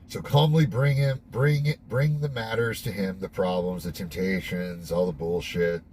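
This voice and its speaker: A young man with a fairly low voice talks through a devotional reading in a loose, candid way, stopping to reflect and dropping the odd swear word. A faint hiss sits underneath him. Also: fairly even intonation, moderate pace, hardly any pauses, darkish tone. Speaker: host. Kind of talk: casual devotional monologue.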